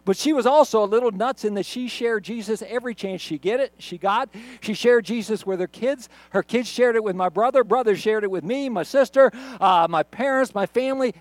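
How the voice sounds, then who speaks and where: This middle-aged male pastor has a voice that sits high, with no echo around it. Filmed in church for an online video, he preaches his sermon in a conversational, storytelling way.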